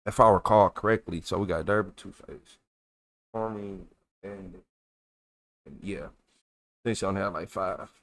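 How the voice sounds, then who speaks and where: A man's voice: low voice, normal speed, long pauses. Man telling a rambling story on a livestream. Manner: rambling, animated storytelling with slang. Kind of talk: casual chat on a livestream. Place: at home.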